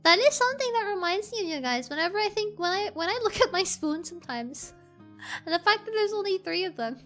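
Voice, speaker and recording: A young woman with a very high, sharp, bright voice rambles casually to her stream chat, full of "like" and little giggles. Soft background music plays faintly under her close-mic'd talk. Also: very animated, fairly quick. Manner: rambling, filler-heavy, giggly. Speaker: VTuber streamer. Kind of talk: casual chat with livestream viewers.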